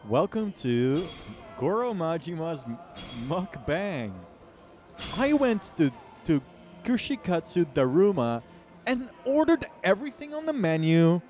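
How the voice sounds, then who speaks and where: A Dutch-speaking man voicing a hyped-up male mukbang video host, with loud, over-the-top announcer delivery and game music playing behind. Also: high voice, big pitch swings, unhurried, pitched above the performer's own voice.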